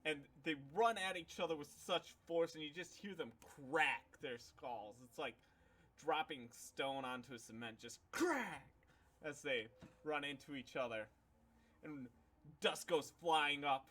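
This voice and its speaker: A man's voice: fairly high pitch, measured pace, bright, forceful tone. A man narrating a tabletop game as game master, telling it loosely with lots of fillers. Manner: loose, filler-heavy storytelling.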